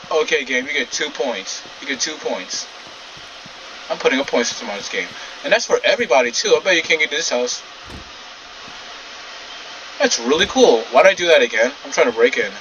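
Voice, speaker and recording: Man narrating a game on a poor microphone, lively pitch, somewhat distant, faint fan hum behind. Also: dull audio. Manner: animated, rambling, talks back to the game. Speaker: gamer commentating a playthrough. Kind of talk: casual let's-play commentary. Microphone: poor microphone, fan in background.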